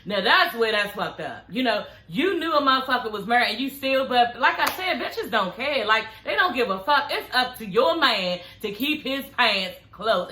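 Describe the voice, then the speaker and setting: A woman's voice: on the high side, sharp tone. A young woman recapping a reality show in a sassy, profane, outspoken way. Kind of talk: casual recap commentary. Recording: echoey room.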